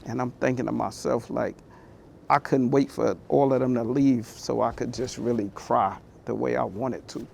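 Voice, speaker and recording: A man's voice: medium pitch, fairly even intonation, moderate pace, vocal fry, a little mellow, a little hiss or hum. A man giving a motivational talk, telling his personal story in a candid, conversational, heartfelt way. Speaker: motivational speaker.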